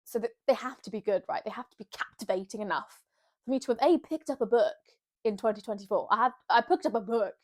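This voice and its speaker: A woman's voice: fairly high pitch, quick pace. A young woman, chatting to camera from her bed in a bubbly, rambling, self-mocking way. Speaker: vlogger. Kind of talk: casual chat to camera. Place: bedroom, sitting on her bed.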